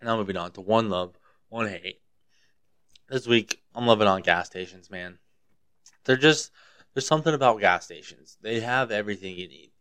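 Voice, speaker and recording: A man's voice: on the low side, normal speed, pauses often, a bit bright, smooth, no room sound. A young man from Montana hosting his own podcast, talking in a profane, rambling, fired-up way about whatever is on his mind. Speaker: podcast host. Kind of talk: casual solo podcast rant.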